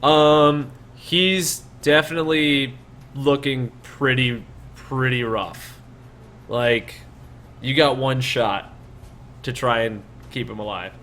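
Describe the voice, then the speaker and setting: A man's voice: mid-range voice, steady tone, takes it slowly, fairly bright tone, a little hiss or hum. A man narrating as dungeon master, rambling with many fillers and restarts. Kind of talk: narrating a tabletop game.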